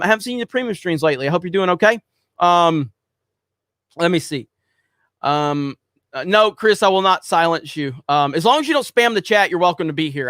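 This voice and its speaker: Casting: male livestream host, a touch high in pitch, loose and rambling, dry close mic. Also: fairly bright tone, no room sound. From United States. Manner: loose and rambling, many fillers, reads viewer messages aloud. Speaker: livestream host reading super chats. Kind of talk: casual livestream chat.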